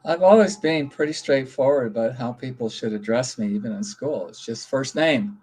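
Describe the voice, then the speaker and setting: A calm man talks as a guest in a casual interview, his pitch sitting in an ordinary middle range. He explains things in a measured, straightforward way. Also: slightly rough. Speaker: guest, college professor.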